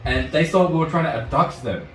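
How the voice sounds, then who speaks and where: Fast-talking man, roomy distant sound. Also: a little high, big pitch swings. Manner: rambling, swears freely, laughs often. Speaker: martial arts instructor guest. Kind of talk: casual storytelling in conversation. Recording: roomy, distant mic, background noise.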